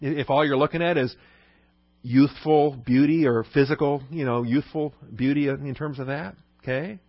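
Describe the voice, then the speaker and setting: A man's voice: on the high side, steady tone, moderate pace, dry recording, dull audio. A man teaching a Bible lesson in a conversational sermon style, often asking the listeners "okay?". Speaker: pastor.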